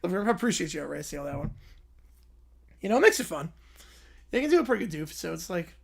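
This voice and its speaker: A man's voice: on the high side, very animated, fast talker, creaky, pauses often, husky. Male livestream host, casual and amused, reads fan scripts. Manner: amused, laughing asides.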